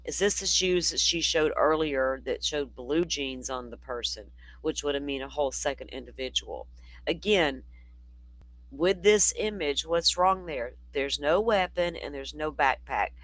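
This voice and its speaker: A man's voice: a little high, expressive, measured pace, fairly bright tone, dry recording, poor audio. A man hosting a livestream, chatty and rambling, his voice worn from talking all day. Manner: chatty, rambling, talks to chat. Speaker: livestream host. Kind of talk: casual live commentary.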